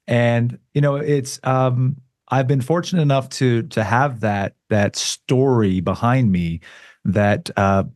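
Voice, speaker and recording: A man's voice: mid-range voice, takes it slowly, a little mellow, dry recording, studio quality. A man from Las Vegas, a guest on a podcast, talking earnestly with frequent restarts. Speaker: guest, sales expert. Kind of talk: casual interview chat.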